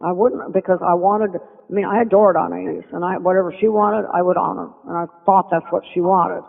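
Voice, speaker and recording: An older woman telling stories as a podcast guest, animated and acting out the voices of people she quotes. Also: on the low side, fairly quick, gravelly. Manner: animated storyteller who acts out quoted speech. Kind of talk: reminiscing interview storytelling. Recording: tinny phone line with long reverb.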